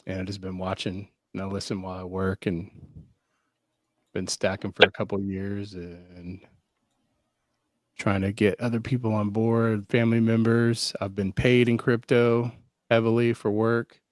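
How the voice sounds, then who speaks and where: A man's voice: lowish voice, level tone, a little slow, dry recording. A man joining a podcast as a first-time guest, talking casually with hesitant starts and dry humor. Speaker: guest caller. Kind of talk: casual chat.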